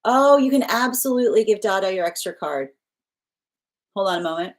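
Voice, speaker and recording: A woman hosting a tarot livestream in casual chat, reading out viewer comments and warmly thanking people by name. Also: mid-range voice, lively intonation, a little fast. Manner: chatty and affectionate, thanks viewers by name, laughs often.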